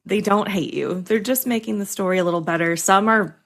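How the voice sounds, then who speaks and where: A woman's voice: medium pitch, brisk, fairly bright tone. A woman who coaches freelance writers, talking candidly in a casual podcast chat, swearing freely and laughing often.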